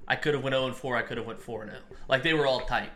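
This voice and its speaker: A man's voice: mid-range voice, quick pace, bright, forceful tone. A man co-hosting a podcast, chatting casually and rambling, often laughing at his own stories. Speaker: podcast co-host. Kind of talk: casual chat. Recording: echoey room, faint noise.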